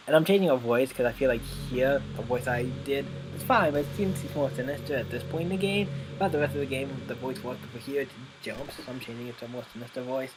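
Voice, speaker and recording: A man's voice: medium pitch, quick pace, low-quality recording. A man casually commenting while streaming a video game, rambling and offhand, with game music behind.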